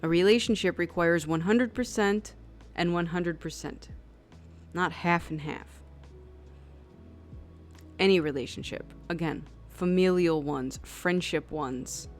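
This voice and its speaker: A woman giving an intuitive tarot reading in a casual, conversational way, filling her talk with "like" and acting out quoted people. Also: on the low side. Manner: conversational, chatty with many "like" fillers; acts out quoted people in lively voices. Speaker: tarot reader.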